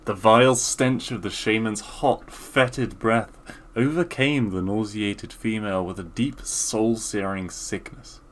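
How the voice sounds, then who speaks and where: A man's voice: fairly low pitch, a little slow, fairly bright tone. A young man reading overwrought fiction aloud for laughs, in an earnest, theatrical way.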